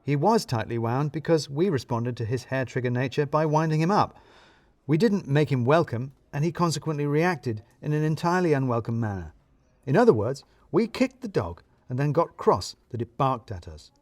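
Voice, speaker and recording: Wry, lively male storyteller. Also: mid-range voice, dry recording. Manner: wry, dry and self-mocking. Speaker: narrator. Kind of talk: scripted first-person story narration.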